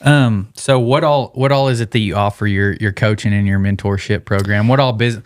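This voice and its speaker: A man hosting a podcast who asks his questions haltingly and rephrases them as he goes. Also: lowish voice, fairly even intonation. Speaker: podcast host. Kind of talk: casual interview questions.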